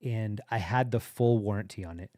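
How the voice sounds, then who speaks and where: A man's voice: on the low side, normal speed, mellow, no room sound, clean studio sound. A man hosting a livestream, telling a long anecdote in casual chat and quoting the people in it. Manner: rambling anecdotal, quotes people in his story. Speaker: livestream host. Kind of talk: casual storytelling.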